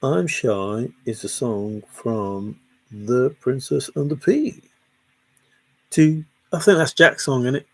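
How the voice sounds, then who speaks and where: This man runs a laid-back livestream, reading comments out loud and teasing the viewers in a meandering, laughing way. His medium-pitched voice is a little slow, and the recording is dry.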